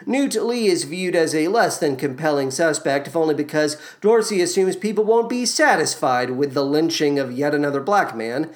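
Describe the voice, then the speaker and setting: A man hosting a podcast, reading a scripted musical theatre recap in a playful way with quick asides. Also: fairly high pitch. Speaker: podcast host.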